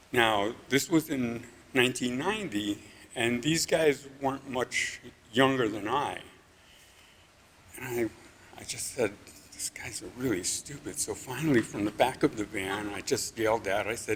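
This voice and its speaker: A man telling a story on stage at a live story slam, in a dry, understated, deadpan way. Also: mid-range voice, unhurried, a little hiss or hum.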